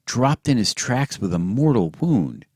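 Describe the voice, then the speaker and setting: A man voicing an excitable boy adventurer in a storybook reading, breathless and insistent, often near shouting. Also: medium pitch, unhurried, slightly rough, no room sound, clean studio sound, voice pushed up. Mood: excited.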